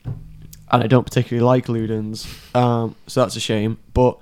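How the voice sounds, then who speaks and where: A man's voice: mid-range voice, level tone, moderate pace, darkish tone, clean tone. A man co-hosting a music podcast, chatting casually, laughing and swearing as he talks. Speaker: podcast co-host. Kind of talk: casual chat.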